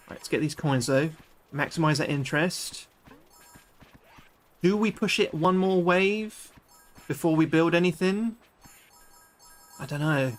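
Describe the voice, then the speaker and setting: A British man livestreaming a game, chatting excitably with his viewers and swearing freely. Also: on the high side. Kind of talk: live gameplay commentary chatting with viewers.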